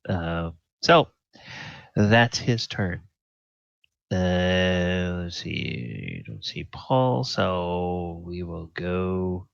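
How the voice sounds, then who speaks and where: A man narrating a tabletop game as game master, halting and full of ums. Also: deep voice, big pitch swings, gravelly, no echo. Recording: slightly dull, dry audio.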